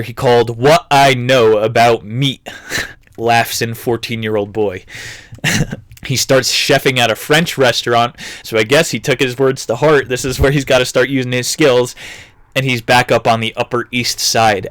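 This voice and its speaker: A man's voice: mid-range voice, a bit bright, no room sound. A man recapping a book in a casual, jokey way, laughing at his own jokes and swearing now and then. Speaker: book review vlogger.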